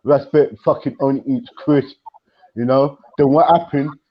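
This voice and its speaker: A young man tells gossip in a loose, rambling way, dropping swear words along the way. His voice is mid-pitched and comes through a dull, muffled line. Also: steady tone, normal speed. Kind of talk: casual livestream chat.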